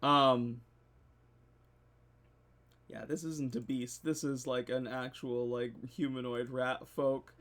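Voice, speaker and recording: A man's voice: medium pitch, flat delivery, slow pace, long pauses, fairly bright tone. A man narrating as game master, laid-back and laughing easily, reading out game text. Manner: easygoing, laughs often, reads text aloud.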